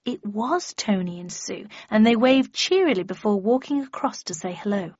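A woman's voice: medium pitch, animated, moderate pace, a little mellow, husky, no echo. A woman reading a first-person novel aloud in a dry, wry storytelling manner. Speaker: audiobook narrator. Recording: dull lo-fi dry recording.

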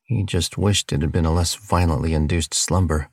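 A man reading a novel aloud as audiobook narrator, in steady, scripted storytelling delivery. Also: deep voice, moderate pace, dry recording, studio quality.

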